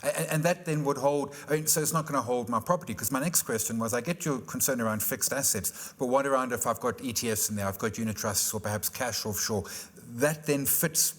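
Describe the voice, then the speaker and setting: A man's voice: mid-range voice, a little fast, hardly any pauses, a bit bright, big-room sound. A man hosting a conference panel, summing up points conversationally and stumbling over repeated words. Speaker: panel host.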